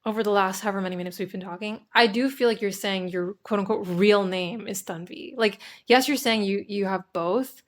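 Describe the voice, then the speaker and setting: A woman's voice: mid-range voice, fairly quick, hardly any pauses. A young woman co-hosting a podcast in casual chat, telling a story thoughtfully and hedging with "I guess". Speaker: podcast co-host.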